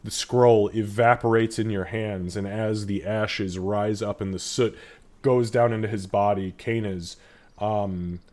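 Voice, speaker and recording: Low-voiced man running a tabletop game. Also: fairly even intonation, darkish tone, a little hiss or hum. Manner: measured narration with fillers. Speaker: game master. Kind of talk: narrating a live tabletop game.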